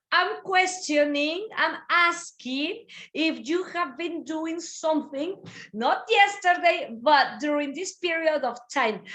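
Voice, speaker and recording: A woman teaching English grammar in an online class. She moves between English and Spanish, explains patiently and repeats key phrases with lively emphasis. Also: high voice. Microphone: video call.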